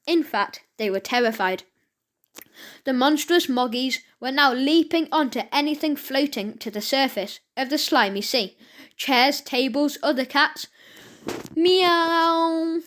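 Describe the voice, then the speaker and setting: A woman reads a children's story aloud at a slow, careful pace. Her voice sits high, and she often stumbles and restarts a phrase before going on. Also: fairly bright tone. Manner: halting reading with frequent slips and restarts.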